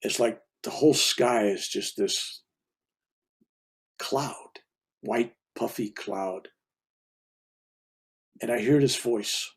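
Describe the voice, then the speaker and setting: Older man with a gravelly, husky voice. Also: medium pitch, a little mellow. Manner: rambling, casual, with restarts and asides. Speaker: reverend and spiritual speaker. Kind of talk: conversational storytelling.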